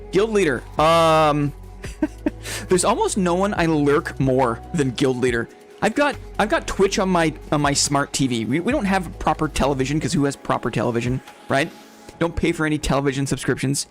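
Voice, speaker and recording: A young man hosting a casual live stream who rambles, laughs often and keeps asking "right?". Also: on the high side. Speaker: game streamer. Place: home streaming setup.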